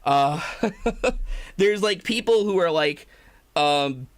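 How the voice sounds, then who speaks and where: A man's voice: fairly high pitch, expressive, slow. A man live streaming, ranting in a rambling, profane, self-pitying way and breaking into laughter. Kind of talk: comedic live-stream rant.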